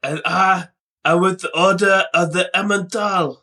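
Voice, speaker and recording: A man's voice: high-pitched, fairly even intonation, measured pace, sharp tone. A man playing a pompous male holy warrior with a put-on French accent in a tabletop game. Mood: hammy. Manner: hammy, theatrical, breaks into laughter. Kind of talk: tabletop role-play voice.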